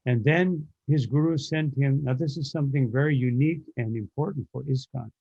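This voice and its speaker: Gravelly man telling devotional stories. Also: mid-range voice, fairly quick, dark tone, no room sound, muffled recording. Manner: hesitant, frequent fillers. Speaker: spiritual teacher. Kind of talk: devotional storytelling lecture.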